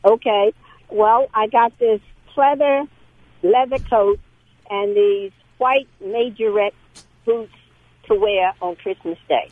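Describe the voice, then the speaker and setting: A woman's voice: mid-range voice, slow pace, dry recording. A woman calling in to a radio show, chatting and telling a story in a friendly way. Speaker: caller. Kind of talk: phone-in call. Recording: tinny phone line.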